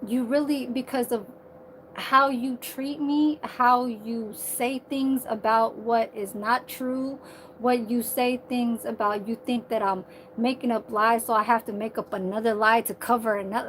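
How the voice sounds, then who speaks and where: Woman, 30s, livestream vlogger; higher voice, heated and profane ranting, faint hiss behind. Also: fairly even intonation, a little slow, fairly bright tone.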